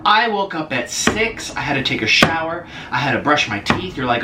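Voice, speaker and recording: Excitable, animated man in his twenties. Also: a little high, moderate pace, heavy background noise. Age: 20s. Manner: excitable, gushing, many gasps and squeals. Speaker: vlogger. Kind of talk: casual mukbang chat. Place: apartment in a busy city. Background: faint street ambience.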